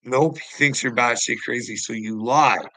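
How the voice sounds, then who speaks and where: A man's voice: medium pitch, moderate pace, bright, forceful tone, dry recording, poor audio. A man delivering a profane, confrontational vlog rant, taunting the people he addresses. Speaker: online commentator. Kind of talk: ranting vlog monologue.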